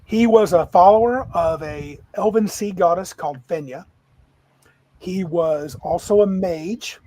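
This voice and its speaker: Man, game master, narrating tabletop game, lively, rambling, husky, higher voice. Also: a little slow, poor audio.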